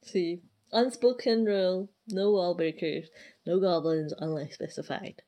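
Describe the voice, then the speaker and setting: A woman's voice: lowish voice, steady tone, unhurried, mellow. A woman in casual chat about running her game clan, rambling and exasperated, full of fillers. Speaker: clan leader.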